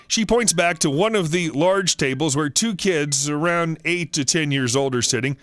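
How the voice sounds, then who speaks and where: A man's voice: a little high, moderate pace, few pauses, fairly bright tone. Man reading a reddit story aloud. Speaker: story narrator.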